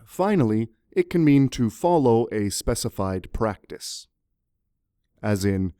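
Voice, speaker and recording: Male English teacher, playful and animated, slow and mellow. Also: on the low side, clear, resonant tone, no echo, clean studio sound. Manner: jokey, animated, talks to viewers. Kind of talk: playful scripted grammar lesson.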